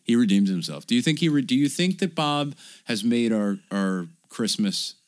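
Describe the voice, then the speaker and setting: A man co-hosting a casual film podcast, animated and profane, laughing often and joking as he talks. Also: mid-range voice, normal speed. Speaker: podcast co-host.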